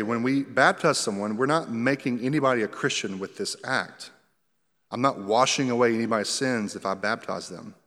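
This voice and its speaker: A man's voice: medium pitch, a bit bright, big-room sound. A male pastor preaching an expository sermon in a conversational way, explaining scripture verse by verse with light humor.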